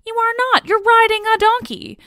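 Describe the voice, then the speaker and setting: A woman's voice: sits high, sing-song, normal speed, a bit bright, dry recording, pitched above the performer's own voice. A woman voicing a pompous, frumpy middle-aged male god in a storytelling retelling, with a dry close sound. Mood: indignant.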